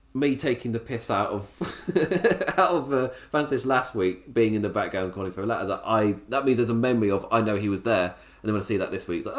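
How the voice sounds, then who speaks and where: A man reviewing a wrestling show in a casual solo podcast, chatty, enthusiastic and quick to laugh. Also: mid-range voice. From England.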